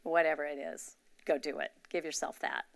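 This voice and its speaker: A woman's voice: sits low, sing-song, normal speed, creaky, no echo. A woman giving a candid, confessional personal testimony to her church in a conversational way. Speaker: church member sharing a testimony. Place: church gathering.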